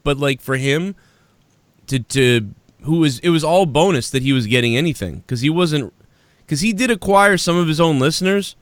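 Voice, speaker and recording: A man's voice: a little high, lively intonation, normal speed, no echo. A man hosting a podcast in casual chat, rambling and profane, with frequent restarts. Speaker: podcast host.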